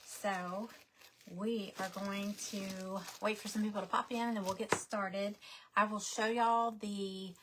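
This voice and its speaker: A woman's voice: mid-range voice, little pitch movement, unhurried, a bit bright, slight background noise. A woman hosting a craft livestream, chatting casually and muttering to herself now and then.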